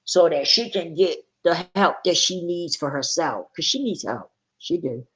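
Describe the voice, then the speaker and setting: A woman's voice: fairly low pitch, expressive, measured pace, a bit bright. A woman vlogger talking candidly and emphatically to her viewers in casual chat, swearing freely.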